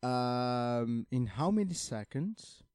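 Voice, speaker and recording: Man, podcast co-host, casual chat, joking, offhand, mid-pitched, dry close sound. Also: expressive, slow pace, a little mellow, clean tone, no echo.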